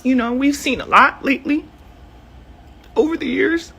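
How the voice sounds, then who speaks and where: A woman's voice: high voice, normal speed, creaky, fairly bright tone. A middle-aged mother speaking emotionally and heatedly to camera from her living room, rambling with many fillers. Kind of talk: emotional direct-to-camera statement. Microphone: self-recorded camera video.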